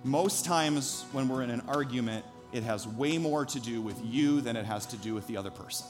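A man's voice: medium pitch, normal speed, over music. A man in his thirties, a pastor preaching a sermon, telling a personal story earnestly before building to emphatic preaching.

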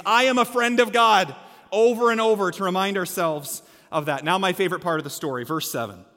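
A man preaching a lively, joking sermon as a pastor, acting out the lines he quotes. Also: high voice, big-room sound. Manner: energetic, humorous, acts out quotes. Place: church sanctuary.

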